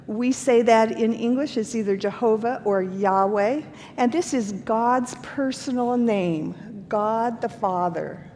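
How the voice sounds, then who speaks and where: A woman's voice: takes it slowly, few pauses, mellow. A woman giving a recorded Bible lesson in an earnest way, asking her listeners questions. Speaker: Bible teacher. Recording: reverberant room with faint rumble.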